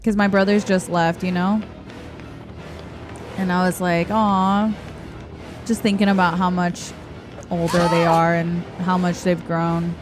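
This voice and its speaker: A young adult woman chats casually while streaming a game, answering her chat and laughing often, with soft music in the background. Her voice is lowish and level, at a measured pace with long pauses.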